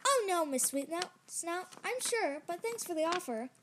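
A woman's voice: very high-pitched, very animated, unhurried, background noise, heavily acted. A woman voicing a nervous, unlucky male mouse who stammers when flustered, in a storybook reading.

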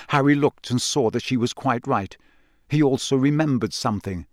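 Male audiobook narrator, steady and measured, middle pitch, dead-dry close sound. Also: dry recording. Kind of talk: scripted narration.

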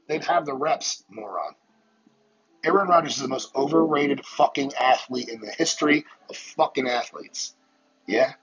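A man rants on his own podcast, heated and profane, firing off one rhetorical question after another. His voice sits at an ordinary middle pitch. The sound is muffled and lo-fi, with a clear crowd murmur behind him. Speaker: podcast host. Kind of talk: solo sports rant. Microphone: phone.

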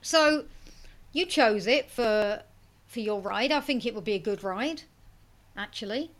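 A woman's voice: a little high, animated, measured pace, fairly bright tone. A woman co-hosting a casual film podcast, chatty and self-mocking as she reads out listener comments. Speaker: podcast co-host.

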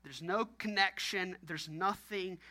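A man's voice: sits high, unhurried, sharp tone. A man preaching a sermon about marriage, emphatic and repetitive, often laughing. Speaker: pastor.

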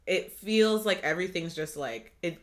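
A woman's voice: lowish voice, animated, moderate pace. A woman in her twenties co-hosting a casual chat, candid and chatty, laughing easily. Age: 20s. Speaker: podcast co-host.

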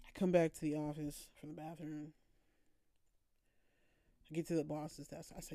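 A woman hosting her own podcast, telling a candid, rambling story and questioning herself out loud. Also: low voice, steady tone, moderate pace, long pauses, no room sound. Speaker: podcast host. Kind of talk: casual solo storytelling.

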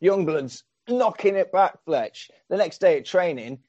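A man's voice: high-pitched, lively intonation, a little mellow, dry recording. Jokey man, muffled dry sound. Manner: sweary, jokey, retells scenes with quick put-on quotes. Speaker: podcast co-host. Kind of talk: casual film recap chat.

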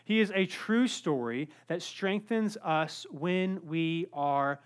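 A male pastor preaching a sermon in a conversational, animated way, with asides. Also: a little high, takes it slowly, clean tone.

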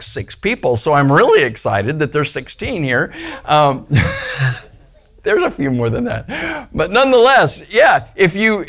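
A male pastor speaking to a small congregation in an animated, playful way. His pitch sits a bit high and swings widely as he slips into little voices for the people he quotes. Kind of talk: casual sermon. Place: small church gathering.

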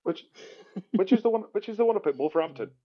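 Casting: man, podcast co-host, very lively pitch, crude banter, dull lo-fi sound. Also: fast, husky.

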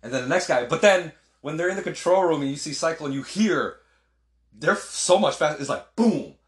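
A man's voice: on the high side, a little fast. A man co-hosting a casual movie chat, acting out scenes with sound effects. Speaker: podcast co-host. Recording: echoey room.

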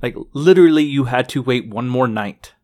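An easygoing man talks through a TV episode, often pausing on fillers as he retells scenes. His pitch sits in the middle. The recording is dry and close. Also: darkish tone, no room sound. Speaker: podcast co-host. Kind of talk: casual TV recap chat.

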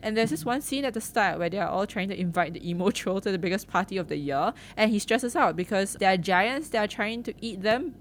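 A woman, co-hosting a casual chat about films. She talks in an animated, giggly way and uses plenty of fillers. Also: mid-range voice, fairly quick, hardly any pauses, slight background noise. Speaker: podcast co-host.

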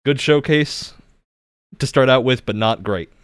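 A man's voice: medium pitch, a little slow, clear, resonant tone, no echo, studio quality. A man hosting a podcast, ranking things on a tier list with theatrical, mock-grand announcements. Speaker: podcast host.

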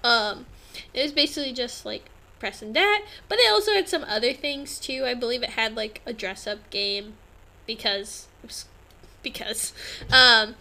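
A woman's voice: a little high, animated, unhurried, gravelly, sharp tone. A young woman co-hosting a casual gaming podcast, upbeat and giggly, full of fillers. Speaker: podcast co-host. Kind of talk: casual chat.

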